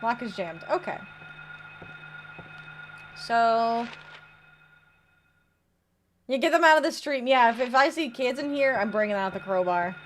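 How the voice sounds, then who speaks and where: A young woman streaming a horror game, chatting casually with viewers, greeting them and reading chat, with sudden excited outbursts between quiet mutters. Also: a little high, measured pace, pauses often, a little hiss or hum.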